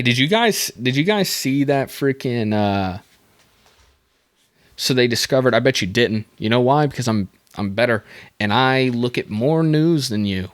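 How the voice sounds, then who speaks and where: A young man hosting a solo podcast, rambling and joking at his own expense, full of fillers and restarts. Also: medium pitch. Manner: rambling, self-mocking, lots of fillers. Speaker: podcast host. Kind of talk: casual solo podcast monologue. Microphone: desk microphone.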